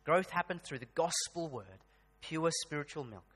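A man's voice: on the high side, lively intonation, moderate pace, a bit bright, slightly rough, big-room sound. A man preaching a sermon, talking conversationally and building to emphatic bursts. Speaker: pastor. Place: church hall.

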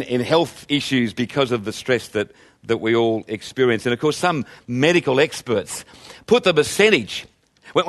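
A man's voice: fairly high pitch, a bit bright. A man preaching a sermon in a conversational way, using rhetorical questions. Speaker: pastor.

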